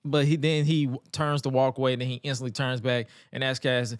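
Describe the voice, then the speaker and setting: Animated man recapping wrestling on a podcast. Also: medium pitch, brisk, no room sound, clean studio sound. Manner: animated storytelling, acts out quotes, stammers. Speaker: podcast co-host.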